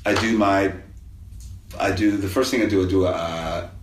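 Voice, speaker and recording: A man in casual interview chat, talking in a relaxed, rambling way with many restarts. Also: sits low, normal speed. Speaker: guest actor. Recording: distant mic in echoey room, faint noise.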